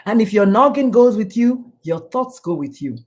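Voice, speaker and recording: The middle-aged woman's voice sits in the mid range, with lively intonation, a moderate pace, and a darkish tone. A doctor and suicide prevention speaker, she is a guest in a talk show interview, preachy and emphatic, often acting out whoever she quotes.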